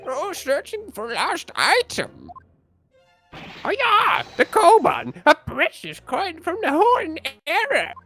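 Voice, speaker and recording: A woman's voice: fairly high pitch, wildly swooping pitch, measured pace, hardly any pauses, fairly bright tone, soft background music, exaggerated voice. A woman voicing a timid elderly male merchant witness from a video game, with a shaky, hesitant delivery. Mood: nervous. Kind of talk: reading game dialogue aloud.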